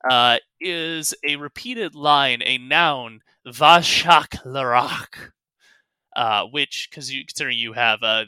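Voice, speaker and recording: A man narrating as game master in a tabletop game, halting with many fillers. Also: mid-range voice, pushed and bright, clear, resonant tone, no echo.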